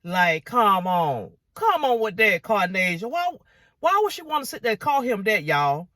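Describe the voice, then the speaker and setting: Woman vlogger ranting, keeps saying y'all, high voice, dry sound. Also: very animated, normal speed, a bit bright, no room sound. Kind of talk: reaction commentary reading viewer comments.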